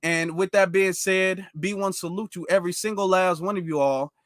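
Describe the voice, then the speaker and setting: A man chatting casually on his livestream in a high, bright voice. He talks animatedly, keeps repeating himself and addresses his viewers as family. The sound is dry and close. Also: fairly even intonation, normal speed, dry recording. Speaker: livestream host.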